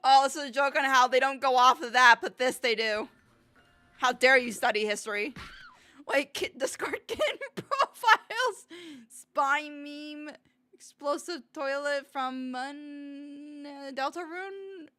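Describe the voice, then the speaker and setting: A woman streaming live, reacting to videos in an excitable, giggly way with frequent exclamations. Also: sits high, a little slow.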